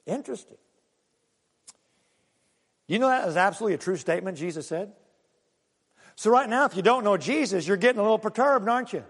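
A man preaching a sermon, animated and full of rhetorical questions and acted-out asides to the congregation. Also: high-pitched, moderate pace, long pauses, slightly rough, big-room sound. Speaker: pastor.

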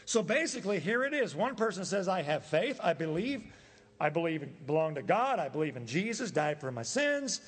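Male pastor mid-sermon, husky, emphatic, fond of rhetorical questions; reverberant church hall. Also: sits high. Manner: emphatic, rhetorical questions, acts out quoted voices. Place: church sanctuary.

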